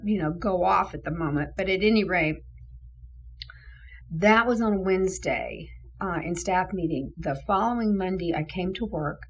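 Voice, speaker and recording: A woman's voice: on the low side, normal speed, breathy edge, poor audio. A woman who leads a mission, telling an earnest faith testimony with many fillers. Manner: earnest, emotional, full of fillers. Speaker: ministry leader. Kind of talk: testimony storytelling.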